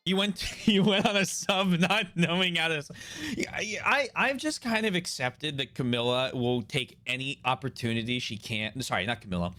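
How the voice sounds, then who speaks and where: A man's voice: on the high side, lively intonation, normal speed, few pauses, bright, forceful tone, soft background music. A man streaming a game playthrough, chatting casually with laughing asides. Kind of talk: casual let's-play commentary.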